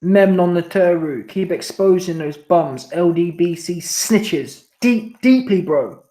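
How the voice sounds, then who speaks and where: A man's voice: sits high, slow, warm tone. A man hosting a casual live stream, reading out viewer messages in slangy, repetitive, laid-back banter. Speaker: boxing commentary channel host. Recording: roomy echo.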